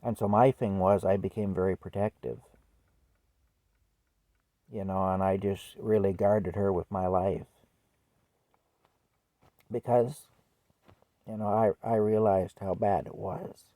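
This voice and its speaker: Low, mellow man telling a memory. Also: fairly even intonation, slow pace, long pauses, no room sound. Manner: conversational and reflective, with soft laughs. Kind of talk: personal storytelling.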